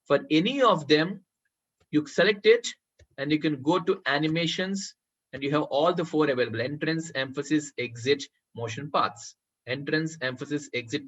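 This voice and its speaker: Man, workshop trainer, walking through a presentation program on screen, somewhat high voice, husky, muffled lo-fi sound. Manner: addresses listeners as friends, checks if they can see. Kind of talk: live software tutorial. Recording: muffled lo-fi recording.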